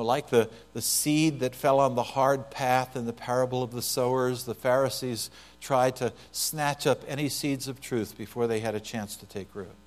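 A man preaching a sermon, moving between loud emphatic passages and quiet, hushed lines. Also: medium pitch. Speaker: pastor.

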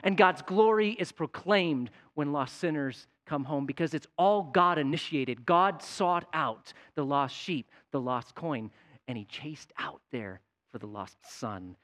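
A man preaching a sermon, animated, rising to a shout at points. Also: a little high, a little slow. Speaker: pastor.

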